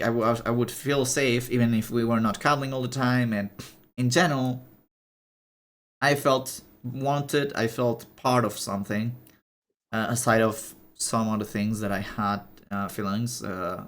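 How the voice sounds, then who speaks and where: A young man in the middle of the usual pitch range talks casually to his live-stream audience. His storytelling is loose and halting, with frequent restarts and fillers, and he sounds emotional and confiding.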